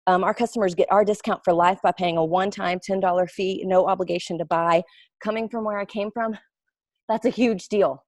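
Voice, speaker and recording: Woman in her thirties, chatty recruiter, animated storyteller, dry close mic, mid pitch. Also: brisk, no echo. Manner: chatty, animated storyteller with playful quoted voices. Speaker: network marketing recruiter. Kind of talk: casual webinar talk.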